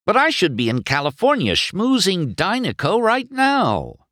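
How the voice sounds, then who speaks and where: A man's voice: mid-range voice, huge pitch swings, a little slow, fairly bright tone, no room sound, clean studio sound, pitched above the performer's own voice, exaggerated voice. A man voicing a cocky young male race car in a storybook reading, whiny and exclaiming. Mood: complaining. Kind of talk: storybook character voice.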